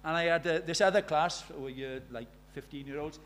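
A South Welsh man preaches with earnest conviction, his voice sitting a little higher than most men's. He swings between loud, pressing emphasis and quiet, confiding stories, with a faint hum behind him. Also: fairly quick. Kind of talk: sermon with personal stories.

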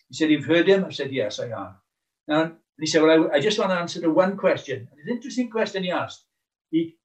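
A man preaching a sermon earnestly, stressing his questions with mounting emphasis. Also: fairly high pitch. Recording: muffled, from far off the mic.

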